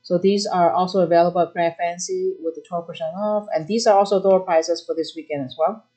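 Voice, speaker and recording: A middle-aged woman runs a live craft demo, chatting quickly about the products in front of her. She talks in fast, eager bursts, trailing into fillers and restarts as she explains how each item works. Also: on the low side, fairly even intonation, mellow. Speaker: craft shop host.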